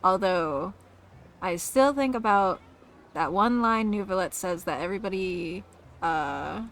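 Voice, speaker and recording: A woman's voice: medium pitch, expressive, a little slow, a bit bright, slight background noise. A woman streaming a game, chatting casually in a rambling, giggly, self-mocking way.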